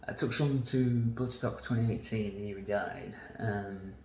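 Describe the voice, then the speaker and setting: A man's voice: on the low side, normal speed, darkish tone, echoey room, a little hiss or hum, rough recording. A man telling a long personal story in a waffling, casual monologue, swearing often and laughing between lines. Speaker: vlogger.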